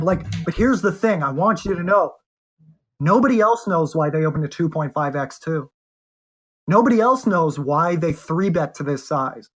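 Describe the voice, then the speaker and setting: A man talking at a rapid, caffeinated clip as a guest on a podcast. He pushes hard with rhetorical questions and challenges, driving home each point about study and confidence. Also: sits high. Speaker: poker coach, podcast guest. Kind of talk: animated conversation.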